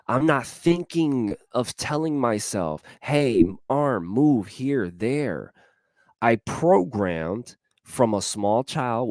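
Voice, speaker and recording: A man's voice: mid-range voice, dry recording, clean studio sound. A man giving a casual motivational talk as host, earnest and repetitive, full of rhetorical questions, speaking straight to his listeners in a folksy way. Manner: addresses listeners directly and folksily.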